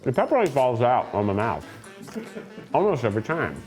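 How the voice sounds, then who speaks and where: A man's voice: medium pitch, big pitch swings, brisk, over music. A man from Tennessee hosting a food tasting in an office, joking and reacting playfully as he eats. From Tennessee, USA. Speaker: host.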